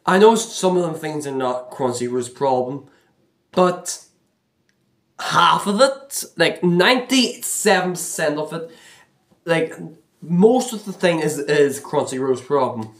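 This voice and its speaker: A man's voice: on the high side, lively intonation, takes it slowly, a bit bright. Exasperated man ranting in an echoey room. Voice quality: rambling, repeats himself, frequent restarts. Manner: exasperated, complaining. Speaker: vlogger. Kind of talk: casual rant to camera.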